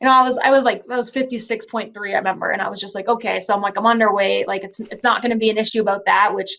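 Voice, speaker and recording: Young woman guest on a talk show, soft, says like and you know a lot, mid-pitched voice. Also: fairly even intonation, rapid-fire, gravelly. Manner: soft-spoken, heavy use of fillers like "like" and "you know". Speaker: guest wrestler. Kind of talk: emotional interview conversation.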